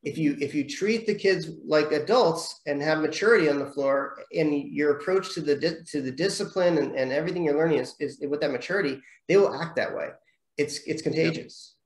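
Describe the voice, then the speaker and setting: A man's voice: on the high side, brisk. Martial arts teacher guy chatting on a podcast, tells stories and does the voices, kinda echoey room. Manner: animated storyteller, acts out quotes. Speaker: martial arts school instructor. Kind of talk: casual podcast conversation.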